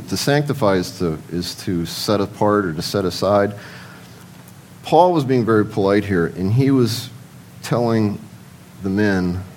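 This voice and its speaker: A man's voice: low-pitched, a little mellow, slight background noise, low-quality recording. A man preaching a sermon in a conversational way, posing rhetorical questions and answering them himself, and speaking directly to the men listening. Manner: addresses the men in the audience directly.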